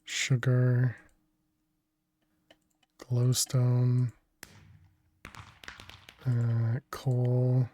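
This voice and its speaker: A man's voice: medium pitch, a little hiss or hum. A man streaming a video game, chatting casually as he thinks aloud and answers his chat, often laughing. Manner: laughs often, relaxed and unhurried. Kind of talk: casual gaming livestream commentary.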